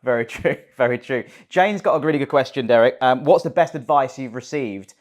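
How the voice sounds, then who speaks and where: Male interviewer, gentle and agreeable, hesitant phrasing, reads audience questions. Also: medium pitch, fairly quick, highs cut off.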